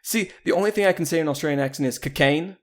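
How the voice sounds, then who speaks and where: A man's voice: fairly high pitch, racing. A man co-hosting a podcast in playful, rambling casual chat, often laughing. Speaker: podcast co-host.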